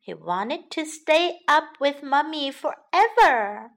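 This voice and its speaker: A woman reading a bilingual children's bedtime story aloud, slow and soothing. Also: high-pitched, animated.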